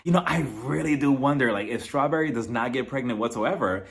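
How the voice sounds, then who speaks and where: Speaking fairly quickly in a mid-range voice, a man gives a casual, gossipy recap of a reality show episode, acting out people's lines in playful voices.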